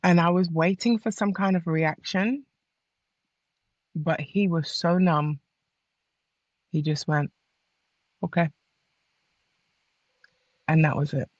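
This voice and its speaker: A woman guest on a podcast, telling a personal story in a casual, animated way and acting out what others said. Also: on the low side, takes it slowly, pauses often, dry recording, lo-fi sound.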